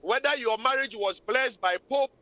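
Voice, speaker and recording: A woman's voice: a little high, moderate pace, bright, forceful tone, no echo. A woman hosting a radio talk show, scolding and preaching relationship advice in a repetitive, impassioned way. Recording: lo-fi radio recording.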